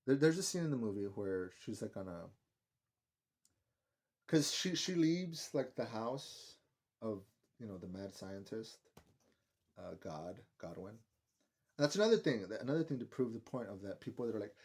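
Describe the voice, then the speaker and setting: A man's voice: fairly low pitch, lively intonation, moderate pace, long pauses, a little mellow. A man giving a casual, rambling film review, swearing often and filling his talk with "like". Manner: rambling, profane, heavy use of "like".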